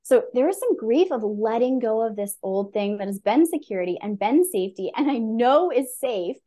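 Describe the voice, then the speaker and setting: A middle-aged woman coach, a podcast guest, telling stories in an earnest, animated way. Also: fairly high pitch, moderate pace. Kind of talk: conversational interview.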